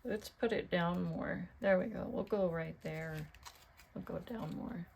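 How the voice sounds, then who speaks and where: A middle-aged woman chats her way through a card-making tutorial, thinking out loud and turning to her viewers with questions. She speaks slowly, and her voice has a gravelly, fry-tinged texture. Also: on the low side. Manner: chatty, talks to herself while working, asks viewers questions. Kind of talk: casual crafting tutorial chat.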